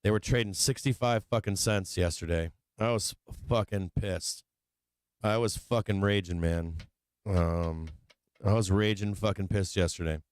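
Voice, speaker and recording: A man's voice: sits low, steady tone, measured pace, clean tone, no room sound, studio quality. Tipsy, foul-mouthed man hosting a livestream. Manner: profane, rambling, laughing often. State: tipsy from drinking. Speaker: livestream market show host. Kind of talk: casual livestream chat.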